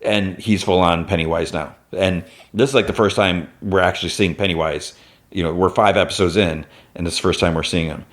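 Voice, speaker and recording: A low-voiced man recapping an episode in a casual, rambling way. He says "like" often and jumps into raised voices to act out lines. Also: steady tone, a little fast. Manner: retells scenes, acting out lines in a raised voice; loose, filler-heavy storytelling. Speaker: podcast host.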